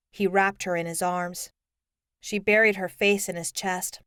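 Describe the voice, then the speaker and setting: A woman narrating a young adult novel in a measured storytelling manner. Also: on the low side, fairly even intonation, fairly bright tone, clear, resonant tone, no room sound, studio quality. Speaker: audiobook narrator. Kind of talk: scripted narration.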